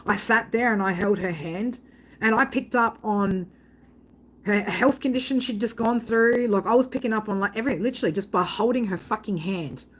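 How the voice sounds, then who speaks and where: A woman's voice: mid-range voice, moderate pace. A woman, a psychic tarot reader, telling a story to her viewers in a rambling, blunt way, swearing freely and tagging lines with "right?".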